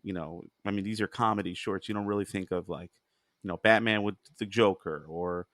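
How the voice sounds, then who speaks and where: Low-voiced rambling man chatting. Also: steady tone, a little fast, fairly bright tone, no room sound, clean studio sound. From United States. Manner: rambling, self-amused, many fillers. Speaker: podcast co-host. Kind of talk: casual chat.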